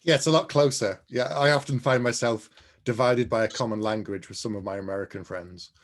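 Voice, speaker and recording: A man's voice: mid-range voice, brisk. Friendly interviewer man, easy laughter. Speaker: interviewer host. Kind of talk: casual interview conversation.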